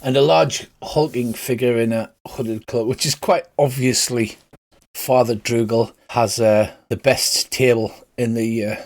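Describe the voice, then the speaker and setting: A man narrating a tabletop game as game master, relaxed and teasing. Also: medium pitch, measured pace.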